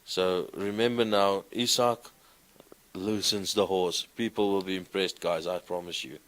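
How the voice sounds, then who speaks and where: A man's voice: sits low, fairly even intonation, a little slow, a bit bright. A man teaching a classroom lesson, speaking in an encouraging way and often asking his students questions. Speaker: Greek teacher. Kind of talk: classroom lecture.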